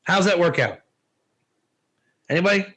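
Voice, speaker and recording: A man teaching a Torah lesson in an informal, animated way, telling stories and asking rhetorical questions. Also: high voice, moderate pace, rough recording.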